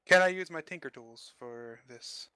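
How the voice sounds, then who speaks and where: A man's voice: fairly high pitch, moderate pace, bright, forceful tone. A man playing a tabletop game, describing what his character does. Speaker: player.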